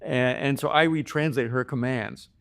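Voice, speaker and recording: A man who is a guest on a podcast, telling family stories in an animated way and laughing often. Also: mid-range voice, moderate pace, creaky. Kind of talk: conversational storytelling.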